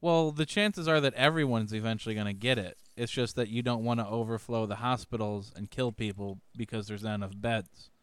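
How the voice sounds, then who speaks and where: A man's voice: fairly low pitch, fairly quick, fairly bright tone, smooth, dry recording. A man from Chicago co-hosting a podcast, talking in a blunt, profane, brash way in casual chat. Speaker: podcast co-host.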